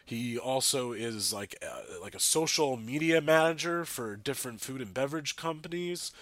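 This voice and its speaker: A man hosting a podcast in casual chat, his voice congested and lowered from a cold, rambling with fillers and restarts. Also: animated, moderate pace, a bit bright, no echo. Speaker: podcast host.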